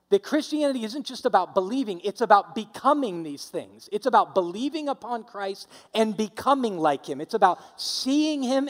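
A man's voice: high-pitched, in a large hall. A man preaching a sermon as pastor, emphatic and repetitive, leading the congregation in call-and-response.

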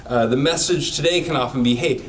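A man's voice: medium pitch, a little fast, distant mic, slight background noise, rough recording. A man giving a sermon in a casual, conversational way, using everyday comparisons. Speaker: preacher.

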